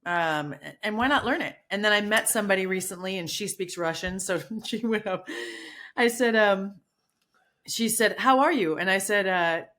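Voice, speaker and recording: A woman's voice: mid-range voice, moderate pace. A middle-aged woman co-hosting a podcast in casual chat, telling stories with lots of restarts and acted-out quotes. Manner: animated storyteller, many restarts and acted quotes. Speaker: podcast co-host.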